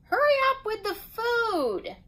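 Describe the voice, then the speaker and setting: A boastful, excitable female alligator from a storybook, put on by a woman reading aloud. She sounds high and swoops about, bossy and full of bounce. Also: measured pace, full character voice.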